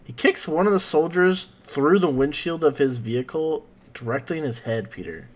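A man's voice: a little high, normal speed. A man hosting a casual podcast, recapping an episode in a rambling, jokey way with lots of "uh" and "like". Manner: rambling, jokey, full of fillers like "uh" and "like".

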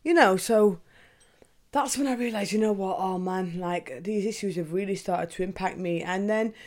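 A woman's voice: mid-range voice, normal speed. Young woman, podcast host, candid confessional chat, swears freely. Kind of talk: casual confessional monologue.

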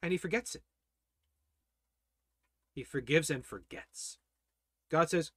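A man teaching a Bible study as a sermon, preaching with passion and swinging between loud declarations and hushed, prayerful passages. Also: on the high side, takes it slowly, long pauses, slightly rough, dry recording, studio quality.

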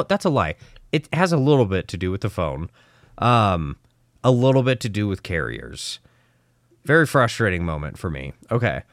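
Low-voiced man telling a story. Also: clear, resonant tone, no room sound, clean studio sound. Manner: animated storytelling, acts out dialogue, swears. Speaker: podcast co-host. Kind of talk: casual podcast chat.

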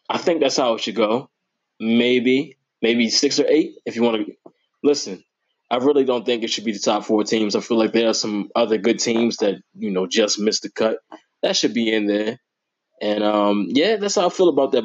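A young man talks sports in a loose, slangy way, his voice shooting up high whenever he gets worked up. His voice has a slightly husky edge. The recording sounds dull and lo-fi. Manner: animated, voice jumps high when excited; informal, slangy and playful. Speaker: sports podcast host. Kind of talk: casual sports talk.

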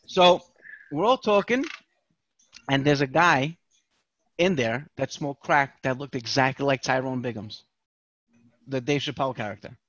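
Speaking a little slowly with long pauses, a medium-pitched man on a podcast tells a long, profane story in casual chat, animatedly voicing the people in it. The recording is dry and lo-fi.

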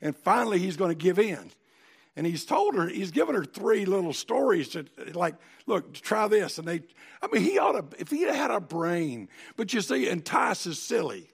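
A man preaching a sermon in a folksy, animated storytelling manner. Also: high-pitched, normal speed, gravelly, slightly rough. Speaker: pastor.

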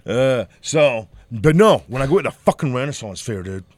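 A man's voice: mid-range voice, darkish tone, no echo. A middle-aged man with a Scottish accent, swearing freely and rambling through stories as a podcast co-host. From Scotland. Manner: profane, rambling storyteller. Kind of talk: casual chat.

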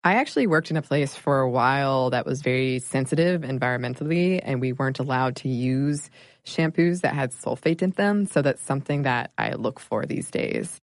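Low-voiced woman, upbeat scripted ad read, dry mic. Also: expressive, moderate pace, dry recording. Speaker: ad presenter.

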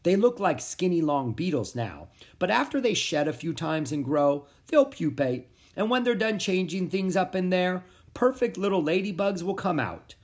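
A reader playing an eager market bug seller. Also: female voice, on the low side, sing-song, normal speed, few pauses, a little mellow, husky, voice pushed up. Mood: friendly. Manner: enthusiastic, teaching.

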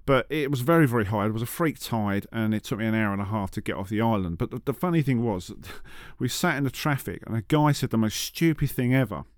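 A man's voice: medium pitch, fast talker, few pauses, dry recording. Casting note: man, podcast co-host, teasing storyteller, dry close recording. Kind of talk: casual chat.

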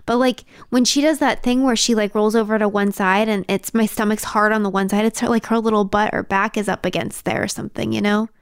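A woman's voice: medium pitch, fairly even intonation, brisk, few pauses, clear, resonant tone, dry recording, clean studio sound. A pregnant woman in her thirties co-hosting a podcast with her husband. She chats in a candid, talkative way and laughs while telling stories. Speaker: podcast co-host. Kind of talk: casual chat.

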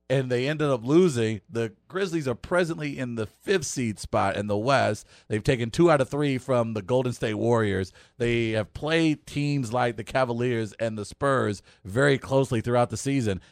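A man's voice: medium pitch, dry recording, studio quality. Laughing man hosting sports talk. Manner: laughs often, animated retelling. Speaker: radio host.

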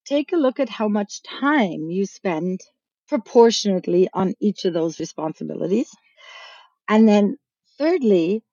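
A frank, emphatic woman coach explains her views in a podcast interview, her pitch sitting mid-range. The sound is dry and a little dull and lo-fi. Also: mellow, breathy edge, dry recording. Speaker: business coach and author.

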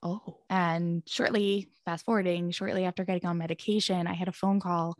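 A woman's voice: fairly low pitch, flat delivery, a little fast, a little mellow, dry recording, clean studio sound. A woman in her thirties, a podcast guest, telling a candid personal story in an earnest, rambling way, often breaking into nervous laughter.

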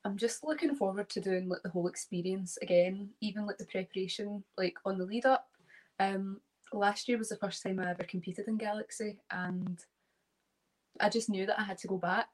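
A young woman with a Scottish accent, chatting lively as a guest on a live video-call interview. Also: medium pitch, brisk, poor audio. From Scotland. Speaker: interview guest, pageant contestant. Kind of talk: casual live interview chat.

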